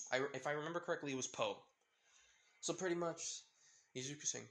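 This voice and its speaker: A man's voice: mid-range voice, fairly quick, fairly bright tone. Rambling man retelling a fan story. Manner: rambling, many fillers and restarts.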